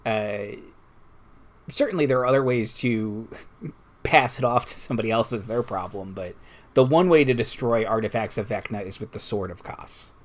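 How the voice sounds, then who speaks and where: A man narrating as dungeon master, explaining the game world in a measured way with hesitant fillers. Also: fairly low pitch.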